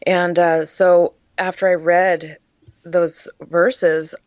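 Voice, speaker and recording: A woman's voice: on the low side, level tone, very slow, darkish tone, no echo, muffled recording. A woman guest on a podcast, earnestly telling her personal story in an emotional way, with frequent "uh" fillers. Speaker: podcast guest, charity founder.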